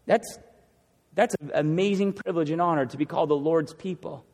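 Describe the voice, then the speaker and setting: A man preaching a sermon, earnest and pleading, dropping from loud, fast lines to hushed ones. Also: fairly high pitch, long reverb tail.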